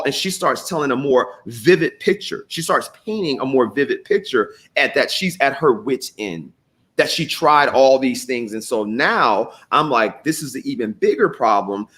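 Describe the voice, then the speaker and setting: A man hosting a morning talk show, telling stories in an animated way, swearing freely and reading viewer comments aloud. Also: a little high.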